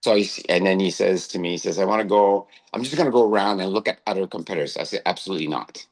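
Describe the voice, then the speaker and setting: A man's voice: low-pitched, fast talker, a little mellow, rough recording. A male co-host telling a personal story in casual chat, often tagging phrases with "right?". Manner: anecdotal, tags phrases with "right?".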